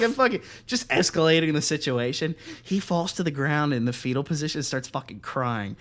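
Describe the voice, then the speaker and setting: A young man co-hosting a podcast, telling a story in casual, profane chat and acting out the other voices loudly. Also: on the high side, moderate pace. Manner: animated, profane, acts out quoted voices loudly. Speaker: podcast co-host.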